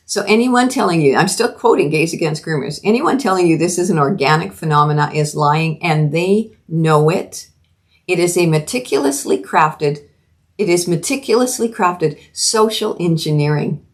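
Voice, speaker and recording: Earnest, emphatic woman, lowish voice. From Canada. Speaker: podcast host. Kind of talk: solo commentary.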